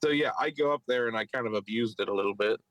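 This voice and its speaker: He's a fast talker with a mid-range voice, recorded in low quality without room sound. As a podcast co-host with a Philadelphia accent, he rambles animatedly through a long story full of fillers during casual storytelling chat.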